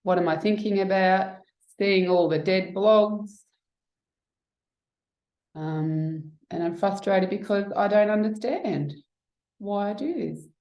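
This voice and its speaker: A woman tapping coach calmly walking through a demonstration, talking herself through her own feelings as she guides the listener. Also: medium pitch, slow pace, long pauses, lo-fi sound. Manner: calm, reflective, talks herself through feelings. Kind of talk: instructional demonstration. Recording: echoey room.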